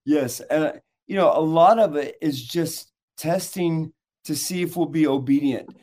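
Man, guest minister, earnest, preacher-like, somewhat high pitch. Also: unhurried, a little mellow. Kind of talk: interview answers with teaching.

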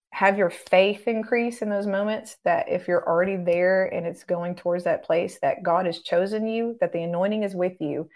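Guest minister, woman, middle-aged; lowish voice, calm and earnest, instructive interview talk. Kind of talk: conversational teaching interview.

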